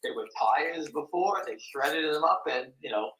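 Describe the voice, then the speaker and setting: A man's voice: on the high side, expressive, measured pace, a bit bright, roomy sound, low-quality recording. An older man hosting a live stock market talk show, blunt, folksy and rambling.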